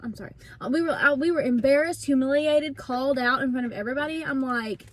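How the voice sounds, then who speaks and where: A woman's voice: sits high, quick pace, a bit bright. A woman, telling an indignant story in a casual vlog. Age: 20s. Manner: indignant, retelling with quoted dialogue. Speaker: vlog host.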